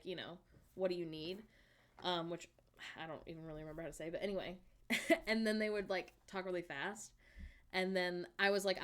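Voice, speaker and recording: A woman's voice: lowish voice, fairly bright tone. A woman in her thirties, chatting casually as a streamer and answering her viewers' messages. She talks in a loose, chatty way and laughs often.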